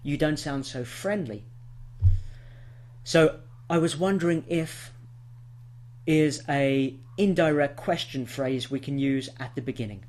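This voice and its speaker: A man with an English accent teaching an online English lesson, clearly explaining and modelling example sentences. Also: medium pitch, a little slow, darkish tone. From England.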